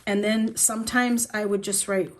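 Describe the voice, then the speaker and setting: A woman vlogging about her journaling, talking bluntly and emotionally with pauses and fillers, shaken as she speaks. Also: medium pitch, flat delivery, slight background noise. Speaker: planner vlogger. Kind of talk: emotional journaling talk to camera.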